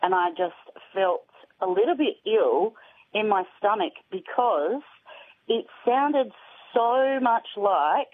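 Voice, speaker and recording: A woman's voice: medium pitch, lively intonation, takes it slowly. A woman with an Australian accent, telling a story as a guest on a radio show. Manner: chatty storytelling. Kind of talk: casual chat. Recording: tinny phone line.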